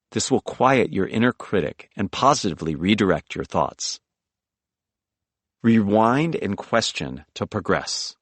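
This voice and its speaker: A low-pitched man reads a self-help audiobook in an animated, instructive way, guiding the listener through exercises. His pitch moves up and down a lot. The sound is dry, with no room echo. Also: slightly rough. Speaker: audiobook narrator. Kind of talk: scripted audiobook narration.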